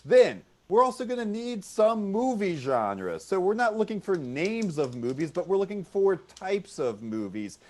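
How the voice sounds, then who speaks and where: Lively male improv game host. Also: sits high, a little slow, hardly any pauses. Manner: upbeat, repeats suggestions back, yells freeze. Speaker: referee and host of an improv show. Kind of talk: online comedy game hosting. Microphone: video call.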